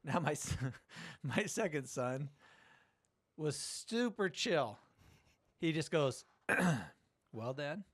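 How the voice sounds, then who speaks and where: Animated man telling a family story. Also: a little high, slow pace, long pauses, dry recording, clean studio sound. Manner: animated, swears, acts out quotes. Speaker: podcast host. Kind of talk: casual storytelling chat.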